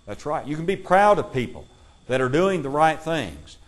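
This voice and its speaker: Man teaching a measured Bible class. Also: fairly high pitch, very animated. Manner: measured, reads scripture aloud slowly; asks the class questions.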